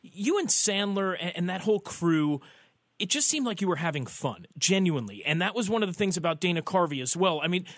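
A man's voice: high voice, lively intonation, fairly quick, no room sound, studio quality. A man hosting a radio talk show, asking his guest leading questions with enthusiasm. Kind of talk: radio interview.

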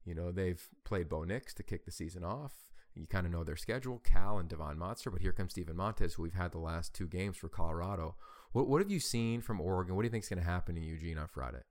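A man co-hosting a college football talk show, speaking in an energetic, animated way. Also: sits low, fast. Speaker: college football show co-host, play-by-play announcer. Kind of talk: casual sports talk.

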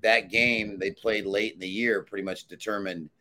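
Man, handicapper, low voice, confident, emphatic betting picks. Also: steady tone, normal speed, pushed and bright, a little hiss or hum. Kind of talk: casual sports betting chat.

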